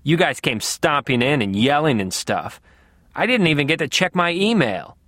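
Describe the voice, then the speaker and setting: A gawky young nerd, sulky and slangy, whose voice jumps higher whenever he gets worked up, as a male reader puts him on. The reading is lively and swoops around, in a dry, close recording. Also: normal speed, no echo. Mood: mumbling. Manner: mumbling, slangy, excitable.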